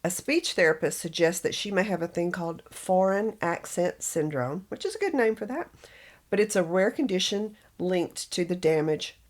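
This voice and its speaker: A woman's voice: lowish voice, lively intonation, moderate pace. A woman with a Southern US accent, co-hosting a podcast in casual chat and telling stories with frequent laughs. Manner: chatty storyteller, laughs often. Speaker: podcast co-host.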